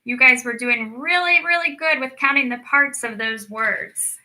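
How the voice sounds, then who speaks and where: A woman leading a children's storytime lesson, speaking slowly and clearly with encouraging teacher talk. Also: high voice, sharp tone, low-quality recording. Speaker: speech clinic storyteller.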